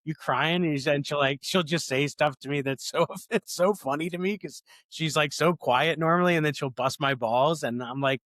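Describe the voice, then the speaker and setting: A man's voice: on the high side, moderate pace, few pauses, fairly bright tone, no echo, studio quality. A man in his forties, a comedian guest in a casual interview, talking eagerly and rambling, often repeating words as he goes.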